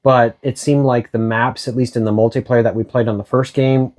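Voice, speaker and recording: A man's voice: mid-range voice, steady tone, a little fast, darkish tone. A man co-hosting a casual video game discussion, leading the talk with hesitant restarts. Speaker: co-host.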